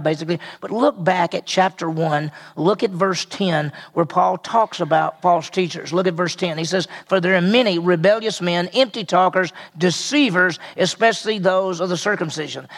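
A man preaching an expository sermon as pastor, unhurried and emphatic, repeating key phrases for weight. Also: fairly high pitch.

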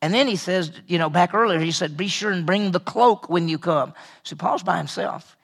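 A man preaching a conversational Bible study sermon, earnest and repetitive, often dropping to a quiet voice for emphasis. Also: high voice, normal speed, creaky, husky. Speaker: pastor teaching a Bible study.

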